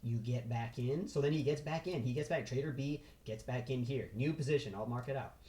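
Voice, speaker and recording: A man giving a casual trading lesson over a chart, excitable, with constant "right?" and "boom" interjections. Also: brisk, echoey room, rough recording. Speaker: trading instructor.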